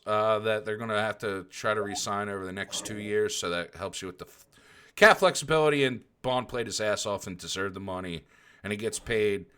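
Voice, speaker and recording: A man co-hosting a sports podcast, explaining things in a casual, steady chat. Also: on the low side, clear, resonant tone. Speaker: podcast co-host.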